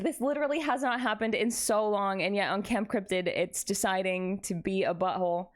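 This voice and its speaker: A woman's voice: medium pitch, normal speed. A young adult woman streaming live, chatting casually with her viewers in a playful, dramatic way. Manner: animated, playful, dramatic exclamations.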